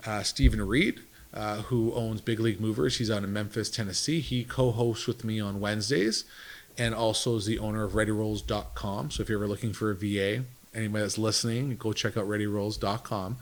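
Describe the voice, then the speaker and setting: A man's voice: on the low side, steady tone, brisk. A man, a business owner guest, telling stories in a casual interview, jumping between thoughts and acting out what others told him. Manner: rambling, jumps between thoughts. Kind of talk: conversational interview storytelling.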